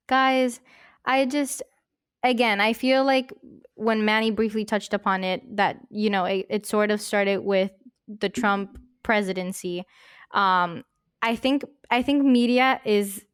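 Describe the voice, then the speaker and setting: A woman journalist co-hosting a podcast, talking in passionate rushes with many fillers. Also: medium pitch, smooth, dry recording, clean studio sound. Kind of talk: casual chat. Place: recorded podcast studio.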